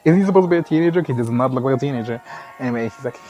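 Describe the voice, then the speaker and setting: In a casual movie recap, a man turns crude and sarcastic, laughing often and mimicking the characters. He speaks at a racing pace with a medium-pitched, warm voice.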